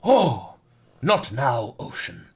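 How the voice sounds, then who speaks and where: Male streamer reading game narration with flair; crude, joking asides; very animated pitch. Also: drawn-out words, vocal fry, husky. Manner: jokey and profane, reads narration dramatically. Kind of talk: live-streamed game reading and chat banter.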